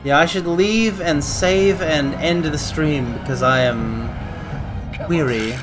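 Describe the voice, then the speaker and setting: A man streaming a video game, rambling casually and breaking into quick exclamations. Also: fairly high pitch, music in the background. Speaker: livestreamer playing a video game. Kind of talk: casual gameplay commentary.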